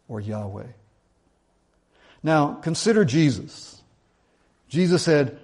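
A middle-aged male pastor giving a sermon, reading scripture aloud and then explaining it in a relaxed, conversational way. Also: mid-range voice, takes it slowly, long pauses, breathy edge.

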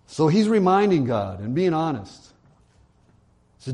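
Man, preacher, sermon, animated, slightly high voice. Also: a little slow. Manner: animated, acts out quoted lines with raised voice.

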